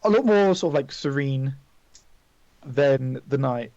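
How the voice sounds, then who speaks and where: A man's voice: mid-range voice, expressive, measured pace, a little mellow, no echo, lo-fi sound. A man narrating as dungeon master, casual, with many fillers and restarts. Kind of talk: narrating a tabletop game.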